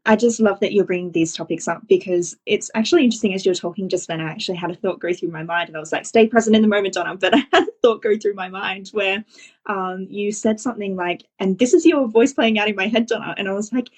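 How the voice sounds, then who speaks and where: A business coach hosting a podcast talks enthusiastically in a casual conversation, affirming her guest and using lots of fillers like "you know." Her medium-pitched voice is quick and slightly rough.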